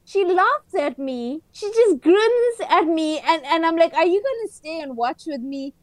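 High-voiced, excitable woman telling a story. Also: a little slow, no echo. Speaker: podcast co-host. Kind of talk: casual chat.

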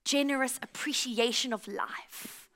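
A South African woman preaching a sermon, telling stories in a lively way and speaking straight to her congregation. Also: high-pitched, unhurried. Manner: lively storytelling, addresses the congregation directly.

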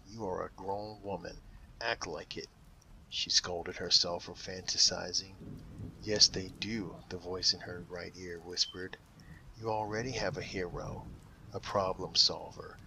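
Deep, bright-toned male audiobook narrator. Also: a little hiss or hum, low-quality recording. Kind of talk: scripted narration.

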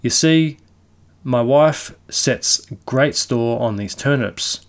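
A man's voice: medium pitch, slow. Fretful rustic landlord, a man reading him, plain storybook voice. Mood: worried. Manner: fretful country talk. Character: worried married village landlord, plain country man.

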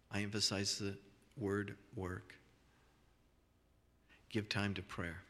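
A man preaches to his congregation in a fairly low voice, earnest and plain-spoken, often doubling back on his words. His sermon rings through a church sanctuary with a long, trailing reverb. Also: fairly bright tone. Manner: earnest, repeats words and restarts phrases. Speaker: pastor.

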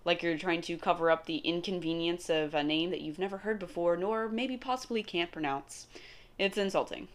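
Young woman, lowish voice, chatty vlog delivery with frequent laughs and asides. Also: a bit bright. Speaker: vlogger. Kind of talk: casual monologue.

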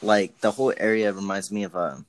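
Young guy, deep-ish voice, crude jokey chat, dry mic. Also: fairly even intonation, brisk, no echo. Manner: crude jokey banter, heavy swearing. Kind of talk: casual chat.

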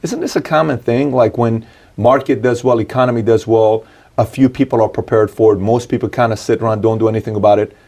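A man's voice: medium pitch, fairly even intonation, fast, gravelly, a little mellow. A man interviewing a guest, asking curious, rambling questions and affirming his answers.

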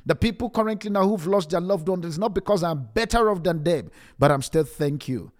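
Guy preaching on a stream, emotional and pleading, slightly high voice, keeps repeating and stammering. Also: animated, fairly quick, a little mellow. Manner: pleading, repetitive, stammering restarts. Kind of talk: emotional livestream sermon.

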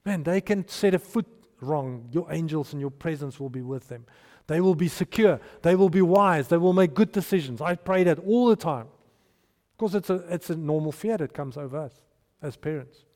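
A man preaching a sermon, animated and storytelling, with restarts and hushed asides. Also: a little high, moderate pace. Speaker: pastor. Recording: long hall reverb.

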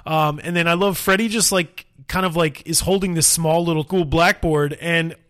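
Man, podcast co-host, casual chat, slightly high pitch, rambling, frequent laughter. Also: fairly even intonation, normal speed, fairly bright tone, dry recording, clean studio sound. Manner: rambling, laughs often, many fillers.

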